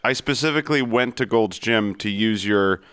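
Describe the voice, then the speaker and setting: A man hosting a comedy podcast, quick to anger, swearing and ranting. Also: lowish voice, a bit bright, clear, resonant tone. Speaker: podcast host.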